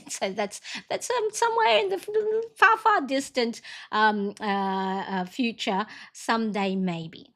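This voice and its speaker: A middle-aged woman hosting a casual live stream, talking in a rambling, encouraging way with lots of fillers. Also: mid-range voice. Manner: chatty, rambling, warm encouragement with frequent fillers. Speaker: livestream host.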